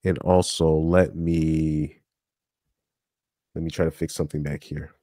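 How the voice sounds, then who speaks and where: A man giving casual reaction commentary on a live stream clip, animated, with stammering restarts and frequent laughs. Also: extremely low pitch, unhurried, dry recording, studio quality.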